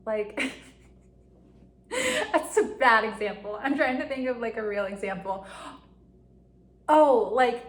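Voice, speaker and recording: A woman's voice: fairly high pitch, sing-song, slow pace, pauses often. Rambling young woman, echoey room. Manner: rambling, heavy use of "like", frequent giggles. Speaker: vlogger. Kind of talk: casual confessional monologue. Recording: echoey room with faint ambient noise.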